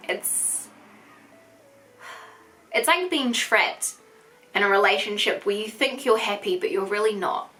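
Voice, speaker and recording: Speaking to camera, this 25-year-old New Zealand woman shares a candid storytime monologue, frank and chatty and full of "like" fillers. She's a vlogger with a mid-range, animated, sharp voice, keeping a measured pace and pausing often.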